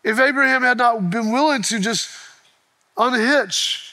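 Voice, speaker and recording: A male pastor delivers a sermon in a very high voice with a bright, forceful edge. He tells stories in an animated way and often restarts his phrases mid-thought. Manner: animated storytelling with quick restarts.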